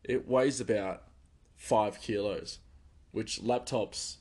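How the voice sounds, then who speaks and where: A man talking to listeners in a quiet, offhand, self-mocking ramble over a phone headphone mic. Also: on the low side, steady tone, takes it slowly, breathy edge. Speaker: podcast host. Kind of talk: casual rambling monologue.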